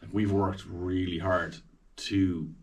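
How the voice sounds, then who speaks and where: A deep-voiced Irish man takes it slowly while guesting on a podcast, recorded from a distance. A radio presenter, he chats animatedly about interviewing celebrities and performs the voices he quotes.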